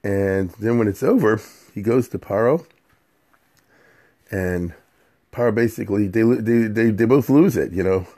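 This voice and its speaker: A man's voice: fairly low pitch, measured pace, pauses often, dark tone. A middle-aged man giving an informal scripture lesson, explaining Hebrew verses in plain English in a conversational way. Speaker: Torah teacher.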